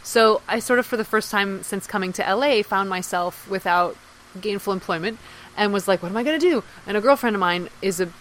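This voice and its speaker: A woman appearing as a podcast guest briskly tells a lively story in casual talk, her medium-pitched voice captured on a rough recording with slight background noise. She performs the quoted speech of the people involved.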